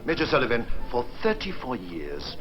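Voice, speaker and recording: A man's voice: medium pitch, huge pitch swings, moderate pace. An actor playing a suave, wealthy former colonial businessman, urbane and faintly mocking, in a 1960s TV drama. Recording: dull lo-fi 1960s TV soundtrack with music.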